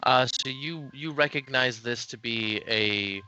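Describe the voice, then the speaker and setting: Casting: unhurried male game master, bright tone, halting narration. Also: medium pitch, dull audio, soft background music. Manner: slow, hesitant narration with many fillers.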